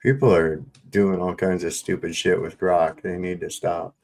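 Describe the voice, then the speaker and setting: A man's voice: deep voice, flat delivery, normal speed, creaky, a little mellow. A man hosting a casual live-stream panel, loose and crude, cracking jokes as he signs off. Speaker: host.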